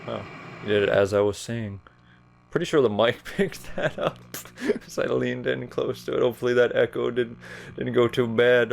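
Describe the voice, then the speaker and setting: A man doing casual gameplay commentary, rambling and jokey, a bit burpy as he talks, jumping to loud high yelps when startled. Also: gravelly, slight background noise. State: burpy while talking. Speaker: let's player.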